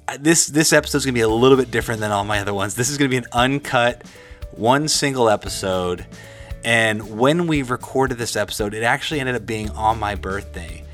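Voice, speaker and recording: A man's voice: mid-range voice, fairly bright tone. A man hosting a podcast, chatting casually with a guest in a home kitchen. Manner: upbeat, chatty, laughs easily. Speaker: podcast host. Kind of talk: casual interview chat.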